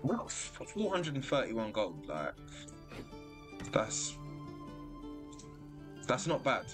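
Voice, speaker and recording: Lively, slow-talking man streaming a game. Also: medium pitch. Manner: animated, excitable, laughs often. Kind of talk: casual gameplay commentary. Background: game music.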